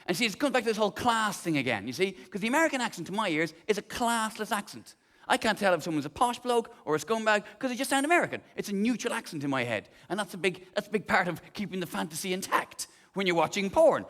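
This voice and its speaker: A man performing live stand-up comedy in a wry, conversational, animated manner on a theatre stage. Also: high voice, quick pace, big-room sound. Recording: live stage, audience laughter.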